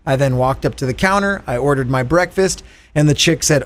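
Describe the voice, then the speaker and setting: Profane storytelling man, slightly high voice. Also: fast talker. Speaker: podcast co-host. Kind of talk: casual chat, storytelling.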